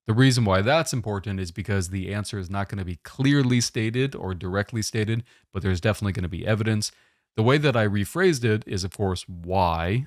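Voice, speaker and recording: A man giving a test-prep lesson, explaining question types in a steady, methodical way. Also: fairly low pitch, no room sound, studio quality.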